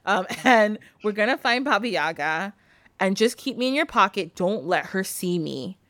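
Brief: calm magic doll giving comfort, woman retelling it in a plain, dry, close voice. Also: medium pitch, normal speed, dry recording, lightly acted. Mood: reassuring. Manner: casual retelling, plain own voice.

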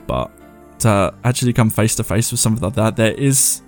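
Low-voiced man rambling over faint music. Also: normal speed, hardly any pauses, darkish tone. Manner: rambling, chatty, laughs at himself. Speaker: host reading viewer ghost stories. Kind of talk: casual commentary and reading aloud.

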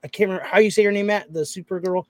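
Easygoing guy, bit high voice, casual podcast chat, dry sound. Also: steady tone, racing, no echo. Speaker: podcast co-host.

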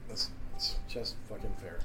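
A man playing a tabletop game in casual chat, trading quick jokes and banter. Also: lowish voice, music in the background. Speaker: player.

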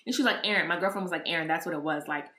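Animated woman telling a story in an echoey room. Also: sits low, rapid-fire, a little hiss or hum. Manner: animated, acts out remembered dialogue, swears freely. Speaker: podcast host. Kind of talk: casual personal storytelling.

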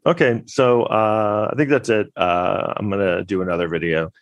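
A man's voice: on the low side, steady tone, moderate pace, dry recording, highs cut off. A man vlogging casual movie commentary in a rambling, wry way with lots of fillers.

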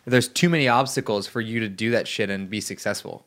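A man's voice: on the low side, a little fast, fairly bright tone. A man hosting a casual podcast, laughing often and talking loosely with some swearing. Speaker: podcast host.

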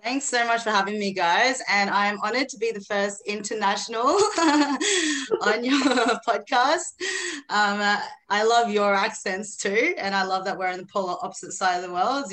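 A woman's voice: medium pitch, a bit bright. Cheerful Australian woman, podcast guest. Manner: upbeat, laughs easily while talking. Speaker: podcast guest, mindset coach. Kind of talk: casual podcast interview. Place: home, hot weather far from hosts.

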